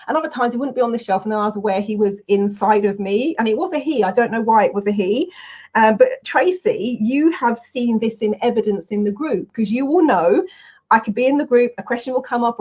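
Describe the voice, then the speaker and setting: A woman's voice: mid-range voice, highs cut off. A woman, a coach telling candid personal stories on a webinar. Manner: lively, candid, anecdotal. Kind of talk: webinar storytelling.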